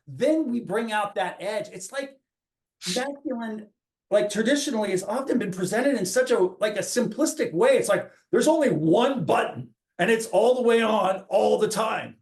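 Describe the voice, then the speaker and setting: A man's voice: high-pitched, a little mellow. A man in his forties, a coach talking earnestly in a reflective podcast, often restarting his phrases as he thinks aloud. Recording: roomy echo.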